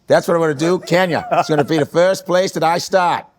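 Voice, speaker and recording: A man's voice: on the high side, a little fast, natural voice. A man doing a playful, boastful impression of a politician with a thick Boston accent, during a casual podcast chat. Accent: Boston (put on).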